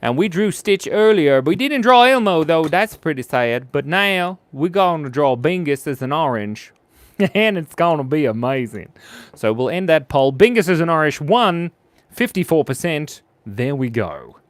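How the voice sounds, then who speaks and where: A man's voice: fairly high pitch, very animated, normal speed, no room sound. A playful man hosting a live drawing stream. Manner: playful and goofy, reads out viewer comments. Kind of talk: casual live-stream chat while drawing.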